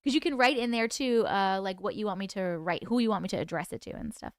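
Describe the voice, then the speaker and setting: A woman's voice: medium pitch, quick pace, no room sound, clean studio sound. A woman hosting a casual livestream chat, greeting viewers by name, reading their comments aloud and laughing often. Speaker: livestream host.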